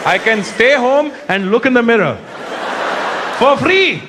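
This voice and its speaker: A man doing a stand-up comedy routine on a live stage, animated and slipping into mocking impressions. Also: very high-pitched, a little slow, a crowd in the background. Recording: live show with loud audience and noise.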